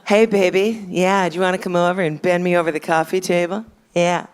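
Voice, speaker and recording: Woman doing a creaky middle-aged phone-sex purr. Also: fairly low pitch, fairly even intonation, fairly quick, pitched below the performer's own voice, natural voice. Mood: mock sultry. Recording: live club, loud crowd and noise.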